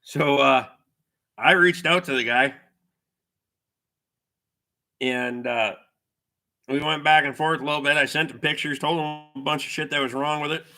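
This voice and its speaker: A middle-aged man spins rambling, profanity-laced anecdotes for his stream chat and stops now and then to read viewer comments aloud. His voice sits a little high and comes across bright and forceful. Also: steady tone, moderate pace, long pauses. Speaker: livestream host. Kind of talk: casual storytelling chat with viewers.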